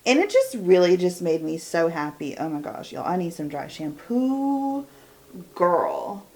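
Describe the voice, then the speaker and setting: A woman's voice: on the low side, wildly swooping pitch, a little mellow, slight background noise. Chatty, candid woman in her forties. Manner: candid, chatty, drawn-out and trailing off. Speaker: beauty vlogger. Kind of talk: chatty get-ready-with-me monologue. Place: at home doing her makeup and hair.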